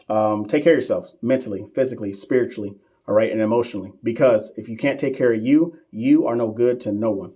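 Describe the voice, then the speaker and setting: A man's voice: on the low side, a little fast, mellow. Chatty man answering live-stream comments. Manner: loose and chatty, reads viewer comments aloud and answers them; teasing and familiar with regular viewers. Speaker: nursing exam coach hosting a live stream.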